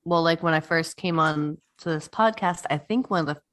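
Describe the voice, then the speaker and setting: A woman's voice: low voice, normal speed, a bit bright. A woman co-hosting a podcast in casual chat, swearing freely and laughing often. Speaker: podcast co-host.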